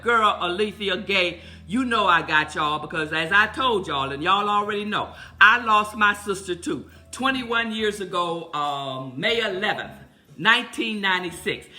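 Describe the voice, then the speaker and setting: A woman's voice: mid-range voice, pushed and bright. Fifties woman on a phone live chat at home, blunt and cussing, emotional, wanders off topic. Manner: blunt, profane, emotional, rambling. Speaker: livestream host.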